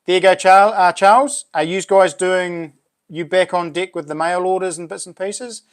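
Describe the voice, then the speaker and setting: A man hosting a casual livestream chat, laughing often and reacting excitedly to viewers. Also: high voice, normal speed. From New Zealand. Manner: chatty, laughs often, exclaims. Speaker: livestream host.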